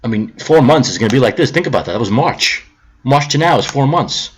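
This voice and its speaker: A man's voice: medium pitch, expressive, fairly quick, slight background noise. A man ranting on a live stream about politics, heated, sarcastic and profane, repeating his points.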